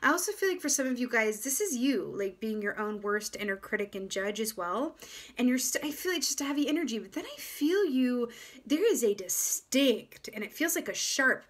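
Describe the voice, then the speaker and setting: Higher-voiced woman giving a gentle tarot reading. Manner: gentle, reflective, many fillers and restarts. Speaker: tarot reader. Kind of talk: casual spoken tarot reading.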